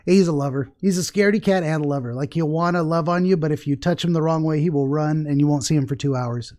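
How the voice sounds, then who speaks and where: Male podcast host, slightly high voice, rambling and chatty, laughs a lot. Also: fairly quick, a little mellow. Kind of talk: casual interview chat.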